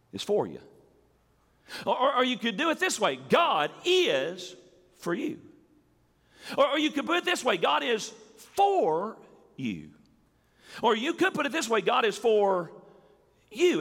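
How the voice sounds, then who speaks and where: A man's voice: on the high side, fairly bright tone. A man preaching a sermon as pastor to a church congregation, building emphasis and stretching key words. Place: church sanctuary before a congregation. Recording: reverberant sanctuary hall.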